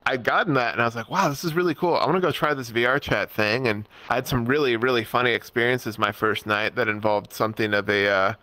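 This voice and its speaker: A young-adult guest chats casually on a podcast with a middle-pitched voice. The talk rambles, full of fillers and bursts of laughter. The sound is close and dry, with no room around it. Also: fast, few pauses, bright, forceful tone, no echo. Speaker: guest, VTuber and VR world creator.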